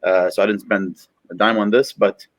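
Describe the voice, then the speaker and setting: A man's voice: lowish voice, fairly even intonation, normal speed, no room sound, rough recording. A man, a Chelsea fan, rambling and joking in casual football banter with friends.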